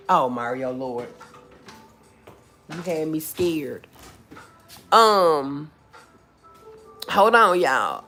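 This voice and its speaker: A woman's voice: medium pitch, sharp tone. A woman hosting a casual home livestream, chatting with viewers, laughing often and calling them y'all and baby. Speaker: livestream host.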